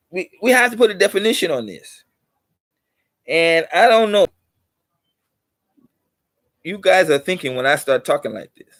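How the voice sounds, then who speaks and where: Middle-aged guy on his channel, kinda preachy, rambles and repeats himself, slightly high voice, dry close sound. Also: fairly bright tone, dry recording. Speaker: channel host. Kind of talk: casual monologue to viewers.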